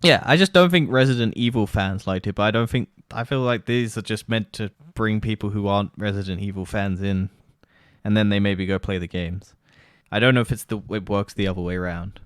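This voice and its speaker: Blunt low-voiced man, dry mic. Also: brisk, smooth, no room sound. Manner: blunt, swears freely, scoffing. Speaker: podcast co-host. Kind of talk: casual chat.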